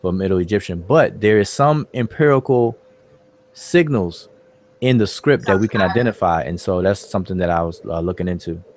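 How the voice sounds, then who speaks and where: A man with a very deep voice leads an online study group. His talk is casual and loose, with repeats and many fillers. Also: normal speed. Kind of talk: casual discussion.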